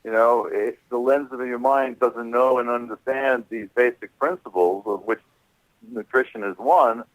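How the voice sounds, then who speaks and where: A man speaking as a doctor guest in a radio interview, explaining in a measured way. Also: mid-range voice, steady tone, poor audio. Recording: radio broadcast sound.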